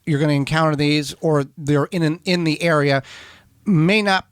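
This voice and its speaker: Midwest guy cohosting a garden radio show, a bit higher voice, dry close sound. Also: clear, resonant tone, no room sound. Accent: Upper Midwest American. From Wisconsin. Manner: unhurried, halting, restarts mid-sentence. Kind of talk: casual radio chat.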